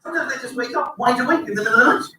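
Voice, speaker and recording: A man doing a stand-up routine, acting out voices and shouting punchlines. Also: extremely high pitch, racing, slight background noise. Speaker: stand-up comedian. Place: stage before a live audience. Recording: echoey distant stage recording with loud audience.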